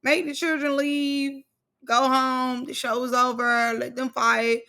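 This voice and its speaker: A woman's voice: sits high, flat delivery, slow, bright, forceful tone. A woman vlogger recapping a reality show in casual, blunt, slangy commentary.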